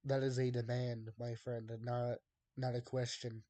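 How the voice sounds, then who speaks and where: Slow-talking young man streaming. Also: mid-range voice, little pitch movement, warm tone. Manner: drawling, exasperated banter with chat, laughs often. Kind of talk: casual live-stream chat.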